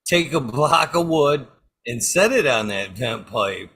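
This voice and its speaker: Gravelly rambling man on a podcast. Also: medium pitch, animated, unhurried, a bit bright. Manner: rambling, laughing, swearing, hunts for words. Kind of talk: casual chat.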